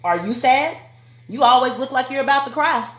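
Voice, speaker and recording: A woman acting out a toxic friend who deflects concern with quick, mocking questions. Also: high voice, lively intonation, a bit bright, pitched above the performer's own voice. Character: dismissive toxic friend turning concern back. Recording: echoey room.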